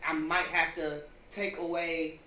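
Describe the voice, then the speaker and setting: A man co-hosting a podcast in casual, slangy chat with a laid-back, drawn-out delivery. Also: a little high, level tone, pushed and bright, echoey room, recorded from a distance, a little hiss or hum. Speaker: podcast co-host.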